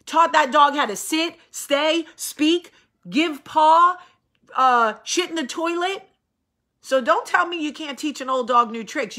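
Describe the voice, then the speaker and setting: A woman's voice: high voice, bright, forceful tone. A woman host in her thirties, coming down with a cold, talking bluntly and acting out quoted voices in casual chat.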